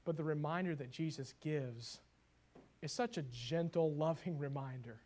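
A high-pitched male preacher delivering a sermon. He swings between ringing exclamations and soft, hushed stretches, and reads scripture aloud in old biblical wording. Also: normal speed. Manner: swings from loud exclamations to hushed tender passages. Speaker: pastor.

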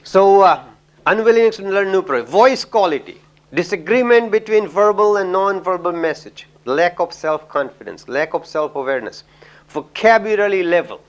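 A man's voice: high-pitched, lively intonation, moderate pace, lo-fi sound. A man with an Indian English accent giving a lecture, telling anecdotes in a chatty way, full of "you know" and little chuckles.

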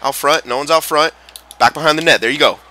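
A young man giving excitable, swearing live commentary while playing a video game. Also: on the high side, fast talker. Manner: excitable, swears and yells at players. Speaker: gameplay commentator.

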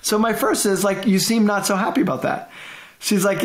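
A middle-aged man, a guest consultant, telling stories in a lively conversational way, acting out quotes and laughing often. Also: high-pitched, moderate pace, roomy sound. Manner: animated, repeats and restarts, laughs often, acts out quotes. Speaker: guest, management consultant and author. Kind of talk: conversational interview storytelling.

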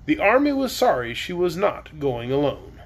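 High-voiced man reading a bedtime story. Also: very animated, normal speed. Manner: casual, chatty asides between chapters. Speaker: storyteller reading a children's book. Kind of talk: bedtime read-aloud on a live stream.

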